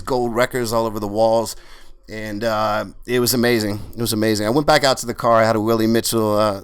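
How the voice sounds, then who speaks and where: A man, a podcast guest, telling relaxed, rambling anecdotes in casual talk with many fillers. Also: lowish voice, smooth, no room sound. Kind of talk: casual storytelling in a podcast interview.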